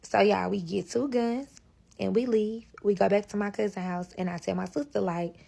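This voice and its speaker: A woman tells her dramatic story, talking straight to her listeners and acting out every line of dialogue. Her voice has a gravelly, fried edge. Her pitch sits in the middle for a woman. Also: moderate pace. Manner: animated, acts out dialogue, addresses listeners as y'all. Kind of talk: casual storytime narration.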